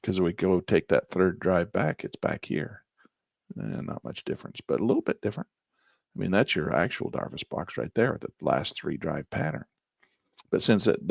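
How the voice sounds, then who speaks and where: Gravelly, animated man teaching trading. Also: lowish voice, no echo, clean studio sound. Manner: folksy, animated, slangy asides. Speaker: trading instructor. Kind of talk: chart-walkthrough lesson.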